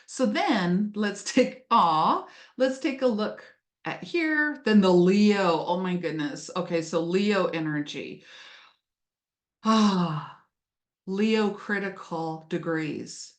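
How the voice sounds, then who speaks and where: A woman's voice: mid-range voice, slow pace. Chatty, playful woman in a roomy space. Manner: chatty, playful, acts out little voices. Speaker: astrology teacher. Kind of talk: casual teaching talk. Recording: roomy echo.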